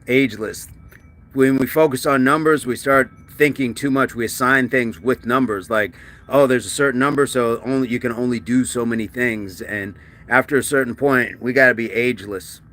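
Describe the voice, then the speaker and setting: Male livestream host, bright and punchy tone, loose and joking, reads viewer comments and banters with them. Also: mid-range voice. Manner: chatty and joking, with quick asides and restarts. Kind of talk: casual live-stream chat, reading comments aloud.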